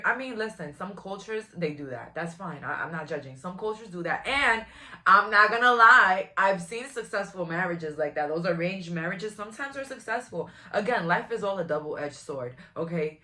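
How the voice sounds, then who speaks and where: A woman's voice: on the low side, lively intonation, moderate pace, sharp tone. A woman, giving a casual, frank tarot reading to camera in a chatty, blunt way. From Brooklyn, New York. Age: 20s. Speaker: tarot reader.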